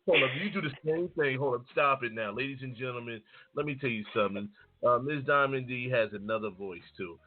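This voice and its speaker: A man's voice: mid-range voice, brisk. A man co-hosting a casual talk show, teasing and exclaiming in a playful way. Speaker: co-host. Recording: dry, phone-like narrow sound.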